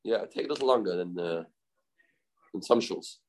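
A man's voice: sits low, animated, normal speed. A man teaching a Talmud lesson, chanting quoted verses in a sing-song and asking and answering his own questions. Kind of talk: Talmud lecture.

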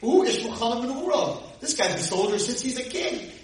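Casting: an alarmed king pleading with a boy as a male lecturer puts him on, voice pushed high, recorded far off in a ringing room. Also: lively intonation, a little fast. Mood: urgent warning. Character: worried older king warning a boy, male. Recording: echoey room, distant mic.

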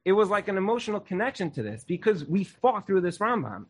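A man's voice: high voice, animated, fast, few pauses, slightly rough. A young man teaching a Torah class in an earnest, casual way, often saying "like". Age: young adult.

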